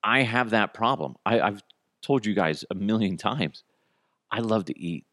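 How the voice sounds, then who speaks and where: A man's voice: lowish voice, unhurried, a bit bright, no echo. A man in his thirties hosting a casual solo podcast, rambling and cursing with self-mocking humor. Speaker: podcast host. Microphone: headphones and studio mic.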